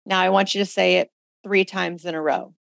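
A woman hosts a coaching call, steering her listeners through reflective exercises at an easy pace. Her voice sits low and carries a gravelly fry. The sound is dry and close, with no room around it. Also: fairly even intonation, fairly quick, a bit bright, dry recording. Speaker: host leading a women's community call. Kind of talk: coaching talk on a group call.

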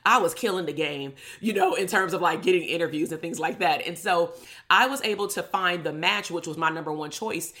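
A woman's voice: on the low side, brisk, pushed and bright. A middle-aged woman from Compton, a clinical psychologist hosting her own show, telling a story from her life in a blunt, sarcastic way and swearing freely. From Compton, Los Angeles. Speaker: podcast host, clinical psychologist. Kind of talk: casual storytelling monologue.

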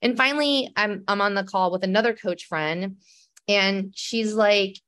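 A woman's voice: medium pitch, a little slow, a bit bright, dry recording. Candid chatty woman podcaster, dry sound. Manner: candid, rambling, many "like" fillers. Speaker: podcast host and coach. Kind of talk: personal storytelling monologue.

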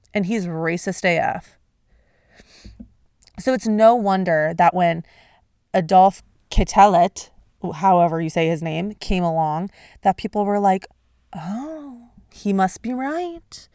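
A woman hosting a solo podcast in a casual, expressive way, swearing and laughing at her own stumbles. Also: fairly low pitch, clear, resonant tone, no room sound, studio quality. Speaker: podcast host.

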